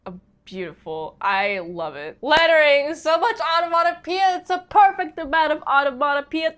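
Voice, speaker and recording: A woman's voice: high-pitched, fairly bright tone. A woman giving a casual, rambling comic book review, gushing with enthusiasm and restarting her sentences.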